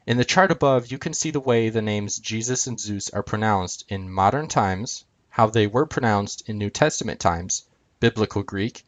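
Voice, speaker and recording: Man presenter, lowish voice, halting explainer with lots of ums, dry recording. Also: no echo. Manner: hesitant, many filler sounds. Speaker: video presenter. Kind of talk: explaining a chart on screen.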